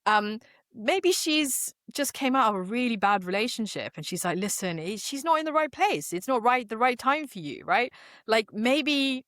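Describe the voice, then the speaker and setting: A woman's voice: a little high, expressive, normal speed, fairly bright tone, no room sound, studio quality. A young English woman co-hosting a podcast, chatting in an emphatic, slangy way. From England. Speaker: podcast co-host. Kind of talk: casual chat.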